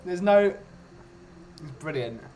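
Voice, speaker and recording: A man's voice: on the high side, animated, slow, warm tone, a little hiss or hum. A man hosting a casual chat who jokes and rambles about food and culture. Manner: jokey, rambling. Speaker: host.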